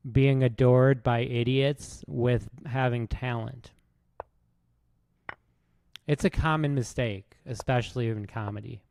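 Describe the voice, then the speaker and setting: A man streaming, rambling in a deadpan, sarcastic way with halting restarts. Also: medium pitch, creaky, smooth, dry recording, studio quality. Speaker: chess streamer. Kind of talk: casual rambling monologue.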